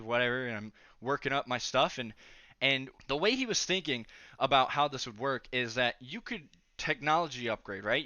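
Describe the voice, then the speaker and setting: A man's voice: medium pitch, sharp tone, clean tone, dry recording, lo-fi sound. A young man telling a long story from his school days, chatty and rambling, full of fillers and asides. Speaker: storytelling vlogger. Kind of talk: casual storytime narration.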